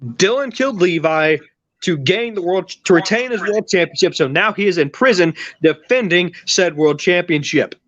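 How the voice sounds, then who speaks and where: A man's voice: high voice, expressive, normal speed, fairly bright tone, dry recording, dull audio. A man hosting a podcast, telling a long story in casual chat with a rambling, teasing manner. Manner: rambling, teasing, restarts a lot. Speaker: podcast host.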